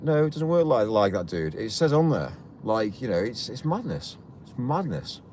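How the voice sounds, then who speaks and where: A man's voice: medium pitch, sing-song, moderate pace, a little mellow, slight background noise. A man hosting a live stream from a vehicle, ranting heatedly and repeating himself. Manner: heated, indignant, repetitive ranting.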